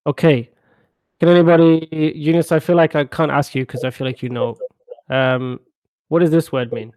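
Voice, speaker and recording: A man's voice: on the high side, fairly even intonation, moderate pace, a little mellow, clean tone, no room sound. A man teaching a casual live language class, chatty and often checking that students follow. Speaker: Arabic teacher.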